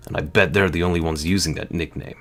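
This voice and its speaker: A man reading a video game's first-person text as a gruff male soldier, in a dry narrating manner. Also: sits low, steady tone, fast talker, faint music behind, close to an everyday voice.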